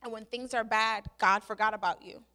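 Bright-voiced young woman telling a story. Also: a little high, fairly quick. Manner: animated, acts out her own quotes, many "like" fillers. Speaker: speaker sharing a testimony. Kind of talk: casual storytelling testimony.

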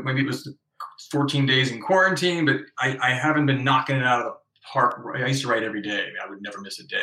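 A man's voice: mid-range voice, bright, forceful tone. Chatty American man on an echoey call. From Northeast US. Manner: chatty, self-deprecating, many restarts. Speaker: guest author. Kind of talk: casual interview over a call. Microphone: remote call from abroad.

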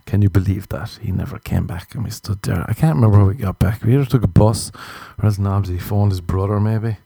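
A man's voice: on the low side, fairly even intonation, brisk, gravelly, mellow, breathy edge, dry recording. A young Irish man rambling through crude, jokey stories in a casual comedic monologue. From Ireland.

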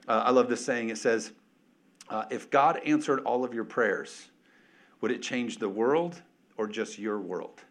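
A man preaching a sermon as pastor, emphatic and animated, calling out to the congregation with casual, joking asides. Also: a little high, fairly quick.

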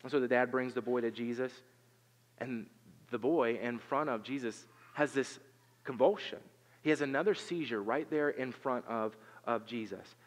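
A man's voice: medium pitch, moderate pace, in a large hall. A man preaching a sermon, talking in an earnest, conversational way with rhetorical questions and frequent repeated words. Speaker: pastor.

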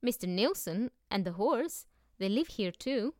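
A woman voicing a bold, boastful young girl who tells tall tales, loud and cheerful. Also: medium pitch, animated, unhurried, no echo, studio quality, lightly acted.

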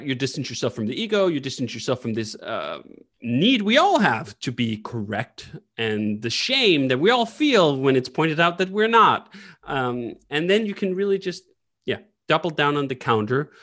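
A man talking as an interview guest in casual conversation, animated and blunt, swearing freely. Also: fairly high pitch.

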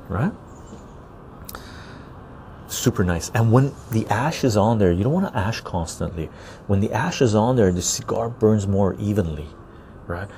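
Deep gravelly-voiced man, easygoing chat. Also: mellow, slight background noise. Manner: easygoing, chatty, tags sentences with "right?". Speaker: podcast host. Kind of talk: casual chat while reading live chat. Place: outdoor patio garden.

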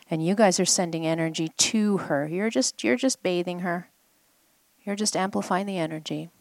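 A woman's voice: fairly low pitch, moderate pace, gravelly, no room sound. A woman healing coach guiding a participant through an exercise at a live event, coaxing and repeating phrases for the listener to say back. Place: live event before a group.

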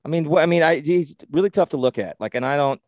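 A man co-hosting a podcast in casual sports chat, rambling and excitable with lots of swearing and restarts. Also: on the high side, quick pace, dry recording. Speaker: podcast co-host.

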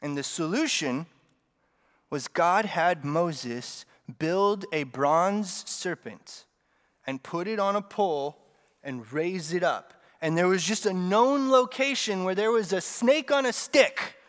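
A man's voice: high-pitched, animated, takes it slowly, fairly bright tone. A man delivers a sermon in a slightly raised voice, speaking loosely and conversationally with humorous asides. His voice rings out with a long reverb through a church sanctuary. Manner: conversational, with joking asides to the congregation. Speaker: preacher.

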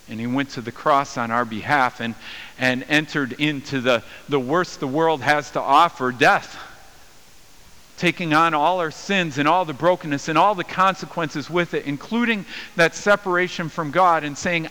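A man's voice: mid-range voice, normal speed, sharp tone. A man preaching a sermon as pastor, earnest, his voice lifting when he speaks quoted words. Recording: long hall reverb.

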